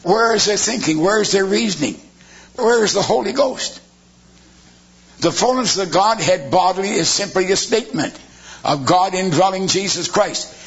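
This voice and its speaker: A man's voice: high voice, fairly bright tone. A man preaching a sermon, firing off rhetorical questions with sarcastic asides. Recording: dull lo-fi sermon recording.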